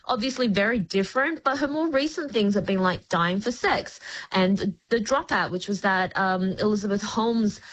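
A woman screen critic on a radio chat, explaining a series in an articulate, lively way. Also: medium pitch, moderate pace, low-quality recording. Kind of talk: casual review chat.

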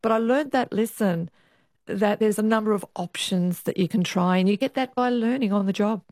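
A woman, a former police officer, recounting her years on the job in a lively interview. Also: mid-range voice, normal speed, no room sound, clean studio sound. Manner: lively storyteller, acts out quoted voices. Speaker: retired police officer, guest. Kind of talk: storytelling interview.

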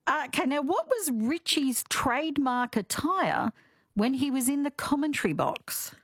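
A woman hosts a radio quiz, her voice bouncing up and down with lively energy and frequent laughter. She sounds a little higher than most women. The studio sound is dry and close. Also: measured pace, no room sound.

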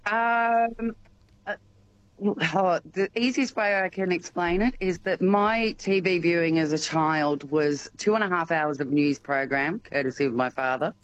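A woman's voice: fairly low pitch, a little slow. Chatty Australian woman, muffled sound. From Melbourne, Australia. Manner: chatty, hesitant with many ums. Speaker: theatre director, studio guest. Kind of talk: casual radio interview.

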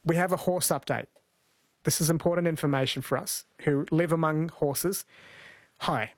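A man's voice: a little high, normal speed, no room sound, clean studio sound. A man from New Zealand hosting a live radio talkback show, chatting with callers and reading out listener texts. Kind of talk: casual live radio chat. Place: radio studio.

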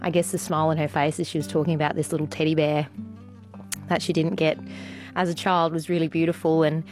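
A woman telling a story on radio in a warm, chatty way with many ums. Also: low-pitched, level tone, brisk, soft background music. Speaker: radio guest. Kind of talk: casual storytelling.

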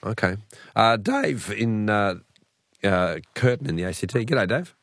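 A man's voice: fairly low pitch, expressive, measured pace, a bit bright, no echo. A middle-aged Australian man hosting talkback radio in a studio, chatty, affable and musing. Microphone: studio mic.

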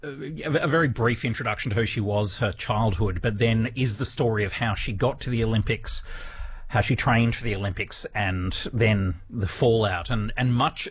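Rambling Australian man in his fifties. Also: on the low side. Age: 50s. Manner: rambling, self-deprecating, many restarts. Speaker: radio TV critic and producer. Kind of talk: casual radio chat.

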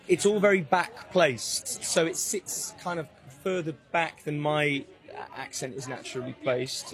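A man who is an actor, speaking earnestly in a recorded interview clip. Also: mid-range voice.

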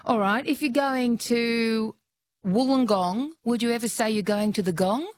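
A woman's voice: fairly high pitch, a little slow, dry recording. A woman hosting a radio quiz, teasing and laughing easily with a caller. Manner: playful, teasing, laughs often. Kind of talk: casual radio chat.

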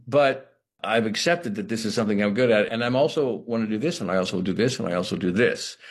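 Guy with a deep husky voice, mid-aged, musing in an interview, stops and starts a lot. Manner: reflective, halting with many restarts. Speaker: actor. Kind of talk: interview conversation.

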